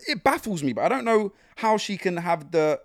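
A man, a professional footballer, chatting casually as a guest and giving blunt, animated opinions. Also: sits high, normal speed. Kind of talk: casual chat.

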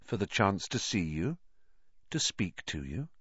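A man reading aloud, voicing a quiet, calm and menacing teenage boy who speaks softly. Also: low voice, unhurried, husky, no echo, dull audio, full character voice. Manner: soft, quiet, calm, smug.

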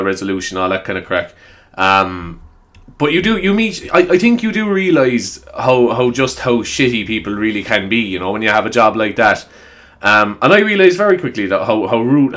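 A man's voice: on the low side, fairly bright tone. A man with an Irish accent talking in a casual, rambling monologue to his viewers, swearing freely and laughing between points. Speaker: vlogger. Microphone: desk microphone. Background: faint upbeat music.

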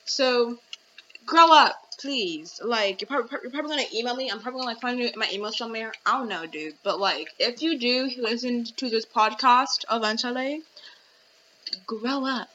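Bright ranting young woman podcaster. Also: a little high, brisk, lo-fi sound, a little hiss or hum. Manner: animated, ranting, filler-heavy. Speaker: podcast host. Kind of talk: casual chat.

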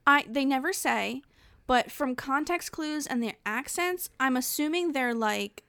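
A woman's voice: high voice, animated, vocal fry, a bit bright, no echo, clean studio sound. Blunt, swearing young woman. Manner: blunt, swears, talks in quick bursts with many restarts. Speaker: podcast co-host. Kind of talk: casual chat.

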